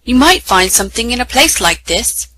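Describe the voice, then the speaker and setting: A woman's voice: fairly high pitch, sing-song, normal speed, bright, forceful tone, a little hiss or hum, voice pushed up, poor audio. A woman voicing a confident eldest boy in a storybook reading, hearty and sure of himself. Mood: eager.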